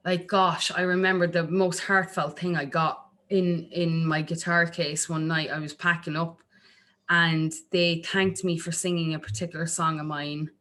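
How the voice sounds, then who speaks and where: An Irish woman from Ireland, a singer-songwriter chatting casually as an interview guest, animated and full of restarts. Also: moderate pace. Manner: animated, acts out quotes in a jumpy high voice, lots of restarts.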